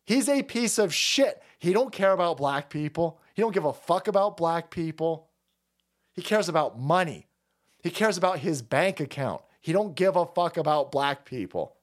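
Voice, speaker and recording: High, swinging voice of a ranting male streamer. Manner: heated, crude and mocking, with frequent swearing. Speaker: livestream host. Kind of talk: profane political rant on a livestream.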